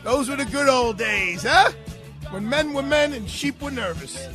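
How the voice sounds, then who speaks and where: A man's voice: very high voice, lively intonation, unhurried, over music. A man hosting a radio talk show, boisterous, jokey and theatrical. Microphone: studio microphone.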